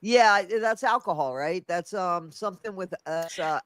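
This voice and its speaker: A high-pitched man hosts a casual livestream, his voice stuffy and congested. He talks haltingly, restarting his sentences. The sound is dry and close. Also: fairly bright tone, dry recording. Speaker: livestream host.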